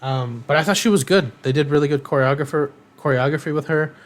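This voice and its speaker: A man's voice: fairly high pitch, fast talker. Man, podcast co-host, casual chat, rambling, fillers. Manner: rambling, many ums and uhs.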